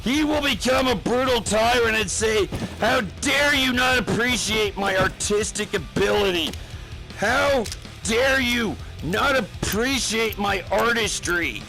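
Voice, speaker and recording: A man's voice: sits high, slow pace, creaky, over music, heavily acted, rough recording. Man doing a pompous, touchy tyrant. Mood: indignant. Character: vain, touchy male tyrant demanding artistic praise.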